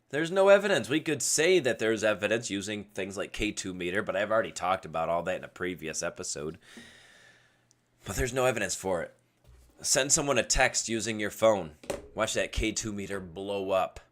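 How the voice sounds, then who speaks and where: Man, low voice that swings up and down a lot, rambling solo podcast host talking at his webcam. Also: animated, normal speed, fairly bright tone. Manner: rambling, goes off on tangents. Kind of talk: casual solo livestream podcast. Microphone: webcam setup at a computer.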